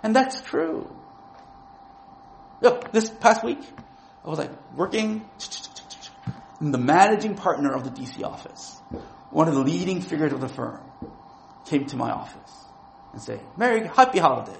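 A man's voice: a little high, sing-song, normal speed, creaky, pauses often, slight background noise, poor audio. A man in his forties preaching a sermon in a casual, talky way, often asking "right?" to the listeners. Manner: conversational, keeps asking "right?". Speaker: preacher and lawyer.

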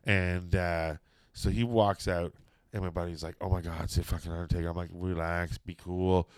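A man's voice: sits low, moderate pace, clean tone, no echo. A middle-aged man telling a long, profane anecdote in casual chat, acting out the people in it. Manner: profane, animated storytelling with quoted voices.

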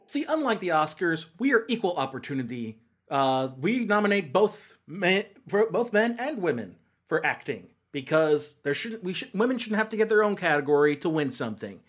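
Male podcast host, sarcastic ranting reviewer, rambles with many fillers, somewhat high pitch. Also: big pitch swings, moderate pace, fairly bright tone. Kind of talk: casual comedic review monologue.

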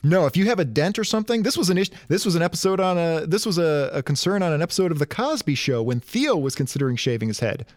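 A man's voice: fairly high pitch, lively intonation, fast talker, few pauses, no room sound, studio quality. A young adult man on a podcast, recapping with wry, profane humor. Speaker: podcast co-host. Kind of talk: casual chat.

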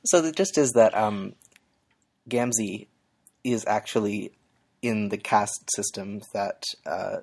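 A man co-hosting a podcast in casual chat, speaking haltingly with many fillers. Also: on the low side, vocal fry, a little mellow. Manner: halting, full of "like" and "um". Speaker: podcast co-host and editor.

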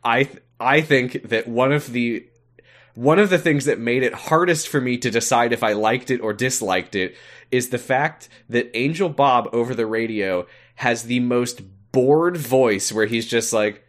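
A man co-hosting a podcast, recapping a TV episode in a relaxed, wry way and acting out lines from it. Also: medium pitch, measured pace. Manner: relaxed, wry, quotes scenes in flat voices. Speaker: podcast co-host. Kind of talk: casual chat recapping a TV episode.

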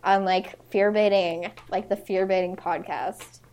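A woman co-hosting a podcast, chatting in a relaxed, agreeable way with plenty of fillers. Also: mid-range voice, a little slow, clean tone. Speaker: podcast co-host. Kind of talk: casual chat.

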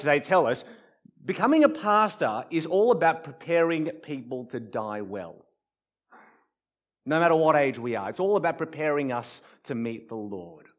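A man preaching a sermon, animated, acting out quotes and dropping to soft emphasis. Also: fairly high pitch. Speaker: pastor.

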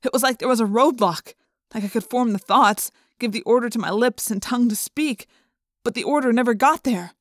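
A woman reading first-person narration for an audiobook in a steady, clear storytelling manner. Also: fairly high pitch, a little fast, dry recording, studio quality.

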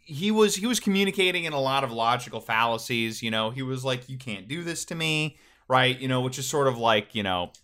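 A young adult man co-hosting a casual podcast, telling jokey stories in an animated way. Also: medium pitch, clear, resonant tone. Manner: animated, jokey storytelling, quick to laugh. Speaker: podcast co-host. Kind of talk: casual chat.

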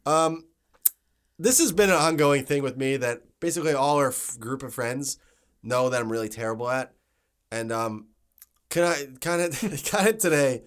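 A man's voice: medium pitch, moderate pace, smooth. A young man from New Jersey with a New Jersey accent, co-hosting a podcast in loose, rambling, swearing chat that often breaks into laughter. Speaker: podcast co-host. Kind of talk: casual chat.

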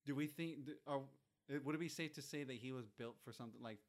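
A man's voice: medium pitch, quick pace. A man co-hosting a casual chat, asking curious questions about a movie. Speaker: podcast co-host.

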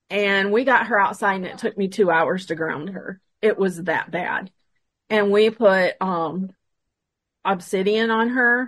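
A woman paranormal investigator, a guest on an interview show, telling a story from an investigation in a casual, animated way and acting out the dialogue. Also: medium pitch, no room sound.

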